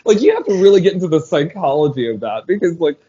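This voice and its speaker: Animated man on a podcast, dull audio. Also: fairly high pitch, quick pace, breathy edge. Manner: animated, swearing, acts out scenes with laughs. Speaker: podcast co-host. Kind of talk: casual chat. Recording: slightly dull audio with faint noise.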